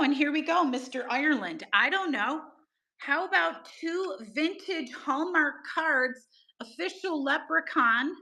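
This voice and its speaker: Bubbly, bright-voiced woman selling live. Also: sits high. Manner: bubbly, gushing, talks to viewers by name. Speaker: live-stream seller. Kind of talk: chatty live auction selling.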